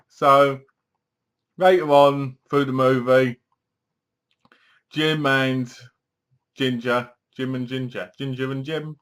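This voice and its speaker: A man's voice: mid-range voice, fairly bright tone. A man giving a casual, rambling film review, leaning on filler words and restarts.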